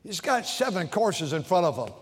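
High-voiced impassioned male preacher. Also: big pitch swings, moderate pace. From United States. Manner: impassioned preaching, swings from shouts to hushed tones. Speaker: pastor. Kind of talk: sermon. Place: large church sanctuary. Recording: long hall reverb in a church.

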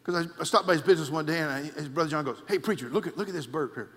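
A male pastor, preaching a sermon with shouted emphasis and telling comic anecdotes. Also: fairly high pitch, racing. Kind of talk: sermon with storytelling. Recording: long hall reverb.

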